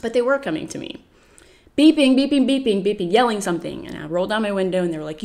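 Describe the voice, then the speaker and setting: An American woman telling a travel story on a podcast in a casual, animated way, laughing often and acting out the people she quotes. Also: medium pitch, quick pace.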